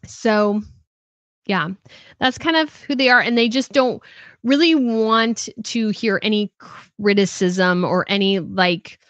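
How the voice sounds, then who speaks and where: A woman's voice: medium pitch, slow, fairly bright tone, no room sound. A woman hosting a royal news live stream, chatting casually, reading out viewer comments and answering them with frequent laughs. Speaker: host of a royal news channel.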